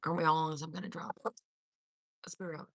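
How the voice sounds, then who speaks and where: A woman's voice: sits low, level tone, moderate pace, no room sound, studio quality. A woman hosting a casual livestream from home, swearing constantly, laughing a lot and teasing her chat. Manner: profane, loud, laughs often, teasing. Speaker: livestream host.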